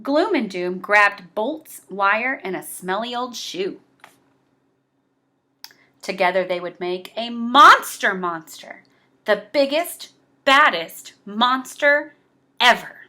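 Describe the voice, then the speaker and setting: A storybook reader, a woman with a mid-range voice, reads a children's picture book aloud slowly and expressively.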